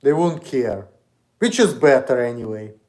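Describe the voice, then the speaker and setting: A man's voice: medium pitch, animated, measured pace, darkish tone. A man with a Russian accent, streaming an indignant, profane, repetitive rant. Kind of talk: ranting monologue.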